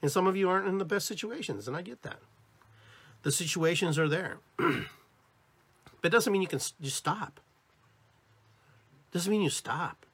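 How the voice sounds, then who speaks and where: A man with an American accent hosting a podcast, giving an animated spiritual talk to his listeners. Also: high voice, normal speed, long pauses, breathy edge, no room sound. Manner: animated, demonstrating inflections. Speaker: podcast host.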